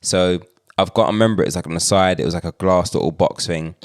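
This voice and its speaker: A young man, telling stories in casual podcast chat, animated and prone to stumbling restarts. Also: deep voice, quick pace. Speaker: podcast co-host.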